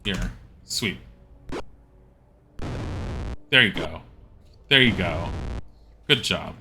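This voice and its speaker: A man's voice: sits low, lively intonation, slow, bright, forceful tone, a little hiss or hum. A man streaming a game live, giving wry, casual commentary that swears now and then and reads menu choices aloud.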